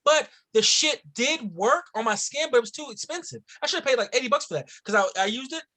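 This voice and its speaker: A man's voice: very high-pitched, lively intonation, fast talker, bright, forceful tone. A man in casual chat, cracking crude, profane jokes and bantering loosely.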